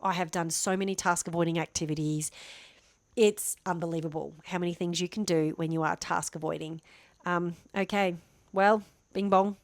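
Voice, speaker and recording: A woman's voice: on the low side, fairly even intonation, moderate pace, no echo. A middle-aged woman and former teacher, talking about herself to camera at home in a chatty, rambling, self-deprecating way. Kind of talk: casual talking-head vlog. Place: home near a main road. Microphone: microphone on a stand facing her, camera turned away.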